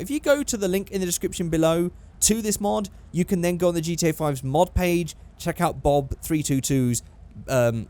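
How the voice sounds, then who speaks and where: A young man talks through a video game in a chatty, upbeat way, reacting as he goes. His voice sits fairly high for a man. He sounds casual and unscripted. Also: warm tone. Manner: chatty and upbeat, thinking aloud. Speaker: gaming YouTuber. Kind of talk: casual gameplay commentary.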